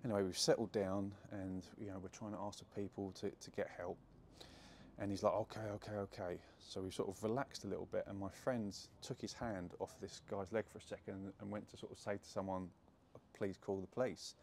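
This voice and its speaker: A young man tells a story in a chatty, rambling way with plenty of fillers. His voice sits low and has a gravelly edge. A faint hiss runs behind him. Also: fairly quick. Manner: chatty, animated, many fillers and restarts. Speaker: jiu-jitsu gym owner telling a story. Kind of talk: casual storytelling to camera.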